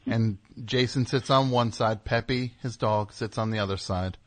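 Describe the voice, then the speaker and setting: A man's voice: lowish voice, normal speed. A man hosting a call-in comedy show, rambling and teasing with stammered restarts. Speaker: radio show host. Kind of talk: casual comedic chat.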